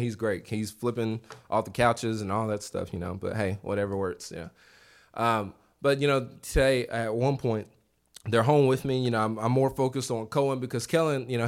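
Brief: thirties male preacher, middle-pitched voice, chatty revival sermon, full of restarts and asides to the room. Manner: animated, voice rising high when acting out quotes; conversational, many restarts and asides to the congregation. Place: church sanctuary.

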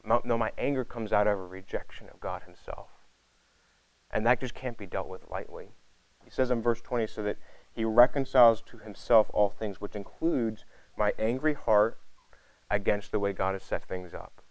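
A man gives a loose, talky sermon, circling back on his own points with fillers and restarts. His voice sits low and comes through smooth and resonant. The recording is dry and close, with no room echo. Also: normal speed. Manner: casual and rambling, many fillers and restarts. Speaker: preacher. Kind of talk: conversational sermon.

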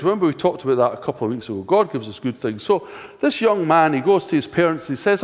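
A man's voice: a little high, animated, fast talker. An older Scottish man preaching a sermon in a chatty way, full of rhetorical questions and dry self-mocking humour. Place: church. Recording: long reverb of a church hall.

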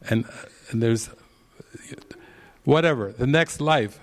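A man's voice: mid-range voice, measured pace. A man speaking as a spiritual teacher at a retreat, telling stories, asking pointed questions and chuckling at his own points. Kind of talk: retreat talk.

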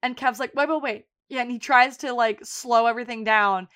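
A woman recaps an episode in loose, chatty podcast talk, her voice sitting a little high. She tells the story quickly, peppered with fillers and casual swearing. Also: fairly bright tone. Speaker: podcast co-host.

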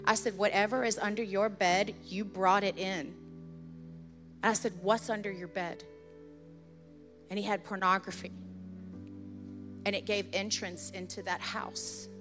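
Woman pastor, middle-aged, mid-pitched voice, urgent testimony into hushed prayer, light music bed. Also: steady tone, measured pace, pauses often. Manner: storytelling, earnest and urgent, then softly intense in prayer. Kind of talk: sermon.

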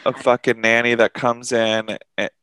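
A man co-hosting a podcast, telling a story in a casual, profane, animated way and acting out what others said. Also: mid-range voice, moderate pace, smooth, dry recording, low-quality recording. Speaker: podcast co-host.

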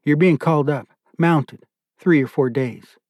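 A man's voice: on the high side, a little slow, dry recording, studio quality, pitched above the performer's own voice. A man voicing a worried, blunt woman looking after her ailing husband, speaking up sharply. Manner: sharp, pleading, raised voice.

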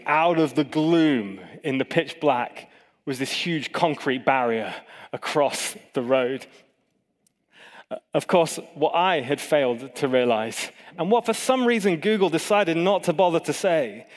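A middle-aged British man preaches a sermon with a slightly raised pitch, telling stories in a chatty, self-deprecating manner. His voice rings out with the long reverb of a large church hall. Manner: conversational, self-deprecating storyteller. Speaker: pastor. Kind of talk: sermon with personal storytelling.

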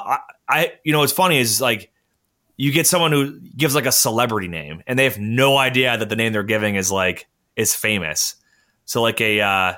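A man's voice: medium pitch, sharp tone. A man hosting a casual talk, explaining things in a chatty way with many fillers and little acted-out phone exchanges. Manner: chatty, lots of fillers, acts out phone calls. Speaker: podcast host. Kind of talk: casual conversational advice talk.

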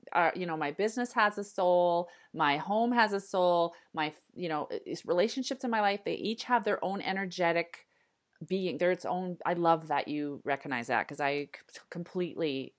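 A woman's voice: lowish voice, animated, normal speed, a bit bright. A woman hosting a podcast interview, effusive and enthusiastic, laughing often. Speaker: podcast host. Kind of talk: casual interview chat.

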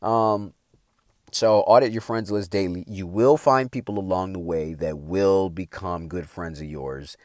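A man's voice: low voice, unhurried, darkish tone, dry recording, clean studio sound. A middle-aged man giving a motivational talk in a casual, slangy, emphatic way, swearing freely. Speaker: motivational speaker.

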